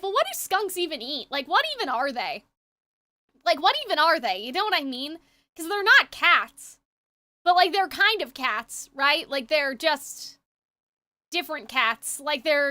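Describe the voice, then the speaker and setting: A young woman streamer telling a long story in casual chat, rambling and animated with many fillers. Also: sits high, no room sound.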